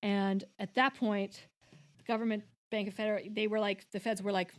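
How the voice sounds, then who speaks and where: A woman's voice: mid-range voice, flat delivery, normal speed. A woman co-hosting a podcast, explaining things at length in casual chat, with many restarts and quoted voices. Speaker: podcast co-host.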